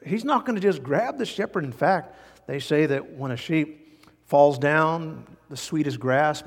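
A man preaching a sermon in an emphatic style that rises to animated outbursts. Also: a little high. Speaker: pastor. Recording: long church hall reverb.

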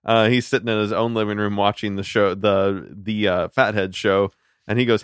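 A man's voice: fairly low pitch, level tone, normal speed, smooth, no echo, clean studio sound. A man co-hosting a casual podcast, recapping a cartoon episode, laughing easily. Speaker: podcast co-host.

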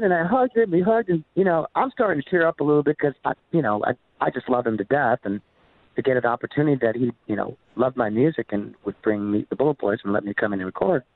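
A musician from California telling a story animatedly, full of fillers and swearing. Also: male voice, medium pitch, dry recording. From Montebello, California. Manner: swears freely, many fillers, builds to excitement. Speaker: musician guest. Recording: dry, tinny phone-like line.

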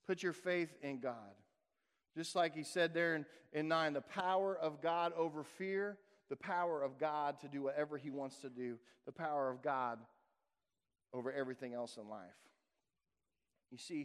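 High-voiced man preaching in a reverberant hall. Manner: emphatic preaching with rhetorical questions. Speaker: pastor. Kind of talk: sermon.

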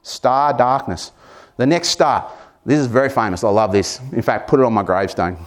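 A man's voice: mid-range voice, moderate pace. Earnest Australian man preaching. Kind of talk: sermon.

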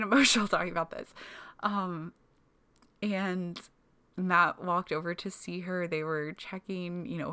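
A woman's voice: lowish voice, fairly bright tone. A young woman casually telling her own birth story, chatty and emotional, full of fillers.

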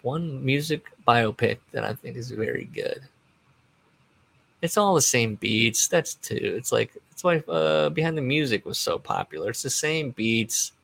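A man's voice: medium pitch, animated, measured pace, gravelly, fairly bright tone. A man hosting a casual solo podcast, rambling from one aside to the next and chuckling at his own remarks. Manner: rambling and digressive, trails off and restarts. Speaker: podcast host.

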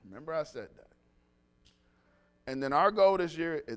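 A man preaching a lively sermon, telling stories and calling the congregation to respond. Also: a little high, moderate pace, clean tone, faint music behind. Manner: animated, call-and-response with congregation.

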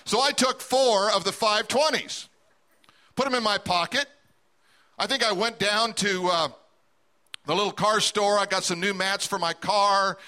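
A man's voice: sits high, unhurried, bright, forceful tone. A middle-aged man preaching a sermon, telling stories and acting out the people he quotes. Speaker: pastor.

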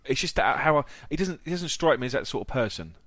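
A man's voice: medium pitch, animated, quick pace, a bit bright, no room sound. A man with a West Country English accent, co-hosting a casual podcast, hesitant and agreeable, often restarting his sentences. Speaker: podcast co-host.

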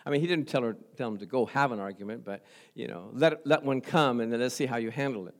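A man's voice: mid-range voice, quick pace. A middle-aged man preaching a sermon as pastor, conversational and chuckling often, with frequent "praise the Lord".

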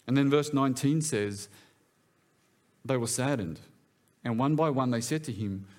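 A man's voice: medium pitch, measured pace, darkish tone. A man preaching in a church, talking in a conversational way and often putting questions to his listeners. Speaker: pastor. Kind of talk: sermon.

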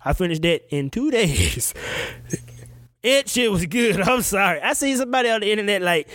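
Animated, profane male podcast host. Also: high-pitched, fairly quick, no echo, studio quality. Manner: animated, profane, laughing rants. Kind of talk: casual podcast chat.

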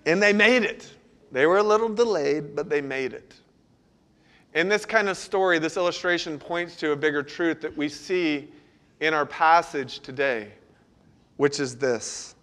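Telling a story about his family, a middle-aged male pastor keeps his sermon chatty, asking the congregation questions along the way. His voice is high-pitched with a fairly bright tone, and he speaks at a normal pace.

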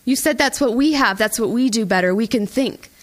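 A woman reading an audiobook, voicing a scared, desperate sixteen-year-old girl who pleads in a high, rushed voice. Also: lightly acted. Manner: pleading, rapid and high when upset. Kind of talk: audiobook character voice.

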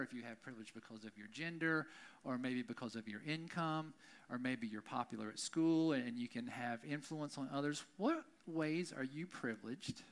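A male pastor preaching a conversational sermon, often checking in with the congregation. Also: on the high side. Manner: conversational, keeps asking "right?".

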